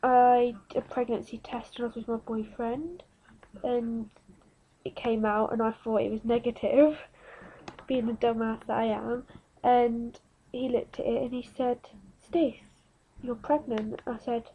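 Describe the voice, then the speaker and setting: A woman's voice: on the high side, level tone, narrow, tinny audio, slight background noise. A nineteen-year-old woman telling her own story frankly to camera in a vlog. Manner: frank, plain-spoken, slow and unhurried. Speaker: vlogger. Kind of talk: candid personal story to camera.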